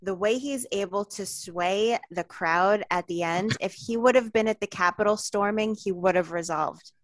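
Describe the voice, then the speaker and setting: A woman's voice: medium pitch, normal speed, dry recording. Amused woman in dry podcast chat. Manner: amused, asks questions with laughs. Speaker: podcast co-host. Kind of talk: casual movie review chat.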